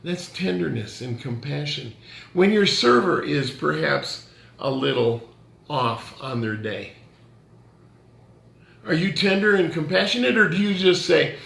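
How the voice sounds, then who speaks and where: A man's voice: a little high, measured pace, creaky, fairly bright tone, echoey room. A male pastor giving a conversational sermon, joking and challenging his listeners directly.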